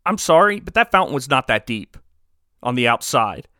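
A man casually recapping a movie plot on a podcast, rambling and joking with quick asides. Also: medium pitch, big pitch swings, pushed and bright, clean tone, dry recording, clean studio sound. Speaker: podcast co-host recapping a film.

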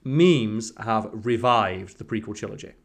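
A man co-hosts a podcast in a fairly low voice at a measured pace, chatting casually and rambling with plenty of fillers.

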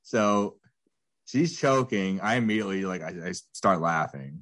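A man's voice: low-pitched, lively intonation, a little slow, fairly bright tone. A man co-hosting a podcast in casual chat, laughing often and rambling through his stories with restarts. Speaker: podcast co-host.

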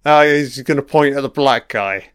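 In a clean studio recording with no room sound, a film commentator delivers a profane, mocking watch-along of a TV episode, heckling the characters on screen. His mid-range voice is clear, resonant, and fairly bright, moving at normal speed.

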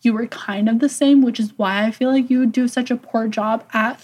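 Young woman podcast co-host, slightly high voice, rambling casual chatter. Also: steady tone, a little fast, darkish tone. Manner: rambling, fills speech with "like". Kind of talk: casual chat.

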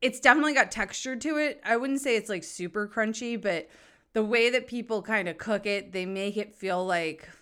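A woman's voice: medium pitch, moderate pace, sharp tone, clear, resonant tone. A woman podcast host with a New England accent, chatting casually and cheerfully, swearing now and then, her voice stuffy and nasal from allergies. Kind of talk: casual chat.

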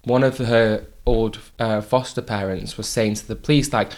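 A man's voice: lowish voice, fairly even intonation, moderate pace, a little mellow. A young man telling stories in a casual chat, laughing often and swearing.

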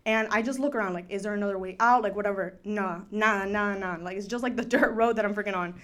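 A young woman, a student, tells a story quickly in a mid-range voice. Her chatty, casual delivery is packed with "like" and sprinkled with the odd Spanish word.

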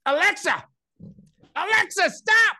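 A woman voicing a frustrated man named Jerry who argues with his smart speaker, exasperated and shouting. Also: high-pitched, wildly swooping pitch, normal speed, voice pushed up, heavily acted.

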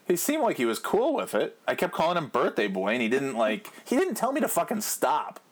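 A man's voice: fairly high pitch, wildly swooping pitch, brisk. A man in his thirties hosting his own podcast, telling rambling, profane, jokey stories in a casual monologue. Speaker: podcast host.

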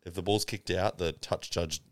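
A man's voice: deep voice, fairly even intonation, normal speed, no echo, clean studio sound. A man, co-hosting a casual sports betting podcast, telling rambling stories in a laid-back way. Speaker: podcast co-host.

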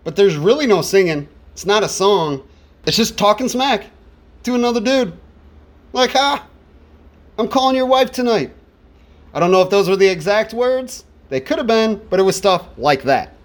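A man's voice: sits high, expressive, normal speed. A man casually talking through an album track by track, repeating words for emphasis. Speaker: music reviewer. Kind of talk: casual spoken album review.

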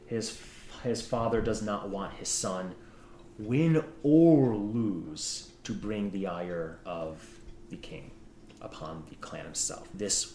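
A man running a tabletop game, giving a grave in-character briefing with halting restarts. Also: lowish voice, slight background noise. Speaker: game master. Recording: echoey room.

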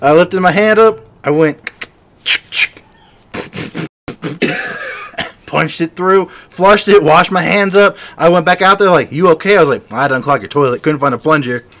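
Higher-voiced man, laughing storyteller. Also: unhurried, pauses often, fairly bright tone. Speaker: podcast guest. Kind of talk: casual chat.

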